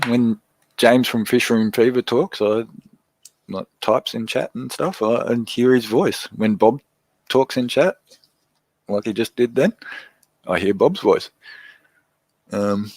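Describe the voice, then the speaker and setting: A livestream host with an Australian accent chats easily and answers viewer comments as they come in. His medium-pitched, darkish voice moves at a measured pace with long pauses, and the recording is dry and low in quality.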